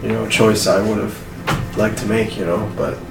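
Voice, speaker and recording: A man playing a tabletop game, speaking earnestly and haltingly in character. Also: on the low side, level tone, vocal fry, distant mic. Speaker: player. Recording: echoey room from afar, music behind.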